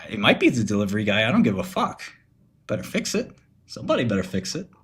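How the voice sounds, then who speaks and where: A man's voice: fairly low pitch, huge pitch swings, quick pace, fairly bright tone. A man chatting casually on a livestream, profane and rambling, telling stories with mock menace. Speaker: streamer.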